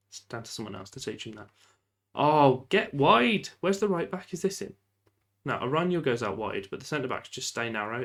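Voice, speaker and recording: A gaming YouTuber with a medium-pitched voice gives lively, casual commentary while playing a football management game, often yelling at the referee and laughing.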